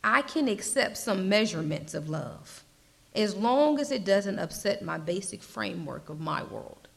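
A woman preaching a slow, earnest sermon, sometimes dropping her voice to a soft whisper. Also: medium pitch, lively intonation, vocal fry.

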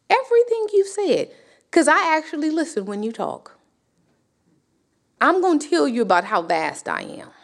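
God talking low and patient, a lady preacher doing the voice, a bit gravelly, slow. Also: exaggerated voice. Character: God, patient and vast, gently correcting.

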